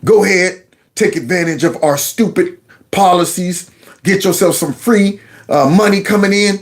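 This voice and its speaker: A man's voice: high-pitched, normal speed. A man giving casual, mocking commentary on a video clip. He talks sarcastically and addresses his viewers as y'all.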